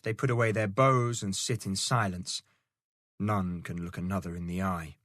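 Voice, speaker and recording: Man, audiobook narrator, low voice, measured storytelling, dry close recording. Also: fairly even intonation, a bit bright, no echo. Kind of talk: scripted narration.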